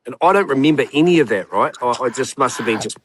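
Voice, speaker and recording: A man's voice: mid-range voice, expressive, fast, fairly bright tone, a little hiss or hum. A man, a guest telling a long personal story in casual chat, rambling and swearing with many fillers. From New Zealand.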